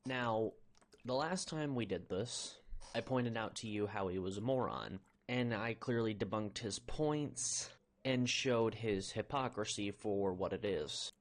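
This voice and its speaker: A woman's voice: extremely low pitch, a little slow. A woman ranting indignantly in her own video commentary.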